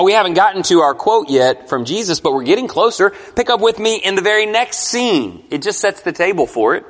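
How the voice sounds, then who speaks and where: A man preaching a sermon, dramatic, swinging between loud stresses and quiet drops. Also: high voice. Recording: long reverb of a hall.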